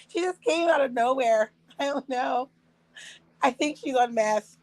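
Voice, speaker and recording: A woman's voice: high voice, measured pace, low-quality recording. A woman in her forties chatting casually on a livestream, telling blunt, profane stories and acting out quotes in other voices with frequent laughter. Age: 40s. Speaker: live streamer.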